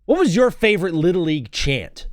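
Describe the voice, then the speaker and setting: A man's voice: sits high, sing-song, fairly quick, no room sound, studio quality. A young man hosting a casual solo talk show, rambling through stories and chanting old cheers in a sing-song. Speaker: podcast host.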